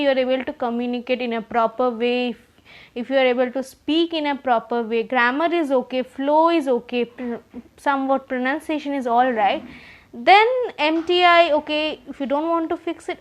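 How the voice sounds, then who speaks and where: High-voiced woman teaching spoken English. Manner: reassuring, repeats and rephrases as she explains. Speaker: English-speaking trainer. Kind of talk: explanatory video lesson.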